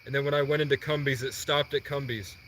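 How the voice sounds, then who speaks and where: A mid-range young male voice, with slight background noise, tells a long, meandering personal story during a livestream. He's animated, performing the dialogue and firing off quick quoted lines from other people.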